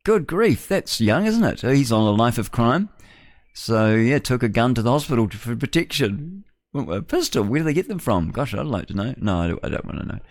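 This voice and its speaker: Chatty New radio host, dry sound. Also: male voice, medium pitch, lively intonation, fairly quick, dry recording. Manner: wandering, chatty, muttering asides to himself. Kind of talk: rambling live radio chat. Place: radio studio.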